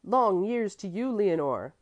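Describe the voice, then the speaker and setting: A woman reading the part of a happy, excited boy who speaks with slow, emphatic delight. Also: sits low.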